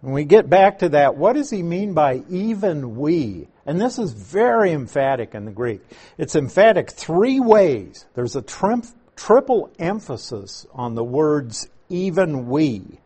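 A man teaching a Bible passage verse by verse, slowly and deliberately, stressing key words as he explains grammar. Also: fairly high pitch, sing-song, a little mellow, husky.

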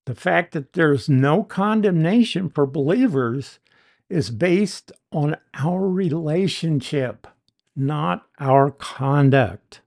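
A preacher giving an expository Bible teaching sermon, deliberate and emphatic, leaning hard on key words. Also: medium pitch, expressive, vocal fry, darkish tone.

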